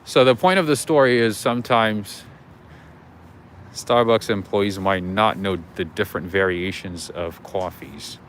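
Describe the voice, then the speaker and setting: A man's voice: sits low, a bit bright, a little hiss or hum. A man hosting a casual walking livestream outdoors, telling stories and chatting with viewers as he reads their comments. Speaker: livestream host. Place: outdoors on city streets.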